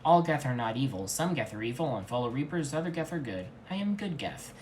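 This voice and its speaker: A man's voice: medium pitch, sing-song, a little fast, darkish tone, a little hiss or hum, close to an everyday voice. A man voicing a male robot soldier who speaks in stiff, broken phrases. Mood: meek.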